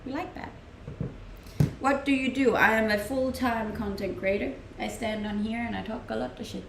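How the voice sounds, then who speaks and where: She's a young Dane, chatting casually with a Danish accent on a home live stream, fielding viewer questions and laughing a lot. Her high-leaning, fairly bright voice keeps a steady tone, brisk pace and some vocal fry. Slight background noise sits in the roomy home-mic recording.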